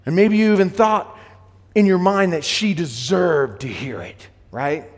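A middle-aged man preaching a sermon to men, earnest and plain-spoken, often repeating words as he goes, sometimes loud and sometimes hushed. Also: high-pitched, expressive, a little slow, long reverb tail. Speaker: pastor.

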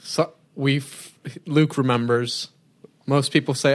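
A man's voice: medium pitch, steady tone, slow pace. A young man hosting a casual chat, asking questions and cracking playful jokes. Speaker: podcast host.

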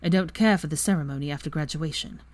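A woman voicing a quiet, guarded young wizard in a fan story reading, speaking softly and low. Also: fast, dry recording, natural voice. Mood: subdued. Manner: soft, low and subdued.

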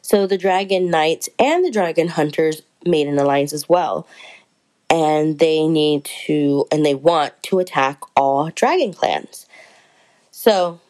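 A woman's voice: low-pitched, takes it slowly, a little mellow, low-quality recording. A woman chatting casually through a book review, rambling and correcting herself as she goes.

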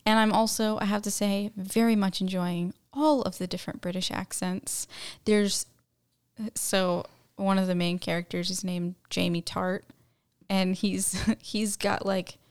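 A woman's voice: medium pitch, steady tone, measured pace, smooth. A woman co-hosting a casual podcast chat, talking with gushing enthusiasm and laughing often. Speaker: podcast co-host.

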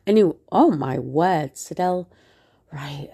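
A woman's voice: deep voice, expressive, slow pace, creaky, mellow, slightly rough. A woman rambling through a casual podcast monologue while unwell, often sinking into a whisper. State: unwell with a virus.

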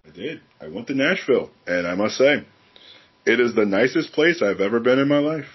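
A man's voice: mid-range voice, brisk, breathy edge, lo-fi sound. A man co-hosting a podcast, telling stories in a candid, profane, casual way. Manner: candid, profane, animated storytelling. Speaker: podcast co-host. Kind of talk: casual chat.

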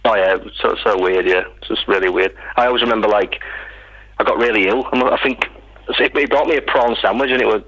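Fast-talking man on a muffled line. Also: fairly low pitch, a bit bright, dry recording. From England. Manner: rambling, self-interrupting storyteller. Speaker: writer guest. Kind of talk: casual interview.

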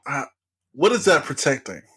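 Playful man with a lively, swinging voice. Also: fairly high pitch, normal speed, slightly rough. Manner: playful, joking, lively delivery. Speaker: podcast co-host. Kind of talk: casual chat.

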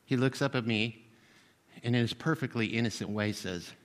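A man in his sixties, a pastor giving a sermon in a relaxed, conversational, self-deprecating way, full of fillers and restarts. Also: medium pitch, moderate pace. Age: 60s. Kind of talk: sermon with personal story.

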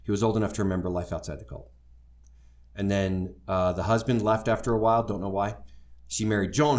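A man's voice: fairly low pitch, a little fast. A middle-aged man telling his life story to a live audience, candid and wry, poking fun at himself. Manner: wry, self-deprecating, animated when quoting others.

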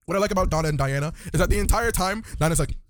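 Male podcast co-host, high lively voice, rapid, dry close-mic sound. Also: no echo. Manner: animated, laughing, acts out characters in quick bits. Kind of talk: casual chat.

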